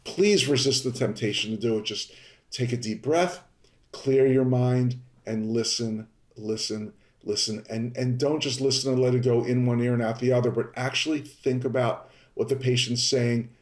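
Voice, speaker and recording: A man's voice: medium pitch, fairly even intonation, a little mellow. Emphatic man coaching in an echoey room. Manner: emphatic coaching, drawn-out repeated words. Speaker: podcast host. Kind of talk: instructional podcast talk. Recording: roomy echo.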